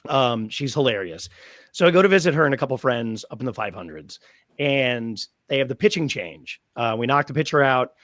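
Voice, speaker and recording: A man in his thirties, a stadium announcer, telling long, animated stories with many fillers as a guest in a podcast interview. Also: mid-range voice, fairly quick, no room sound.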